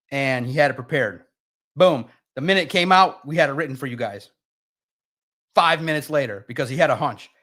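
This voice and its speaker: A man's voice: a little high, fairly bright tone. A man hosting a live sports podcast, ranting bluntly and emotionally about a team's loss while reading viewer comments.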